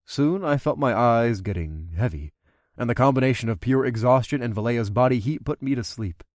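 A man's voice: mid-range voice, expressive, moderate pace, dry recording, clean studio sound. A man narrating an adult fantasy audiobook, doing the main character's dialogue himself.

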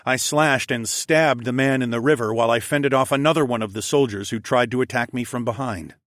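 A man reading a first-person audiobook in steady, measured scripted narration. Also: medium pitch, no echo, studio quality.

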